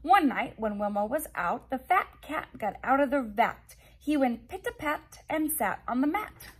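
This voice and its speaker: A woman, a teacher, reading a children's picture book aloud in a sing-song, expressive way. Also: high voice, measured pace, slightly rough.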